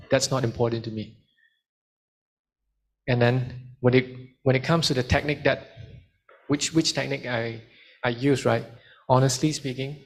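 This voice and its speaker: A man giving a study skills seminar to students and taking questions, switching into Malay now and then. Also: medium pitch. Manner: lively, mixes in Malay phrases. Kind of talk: seminar talk with Q and A.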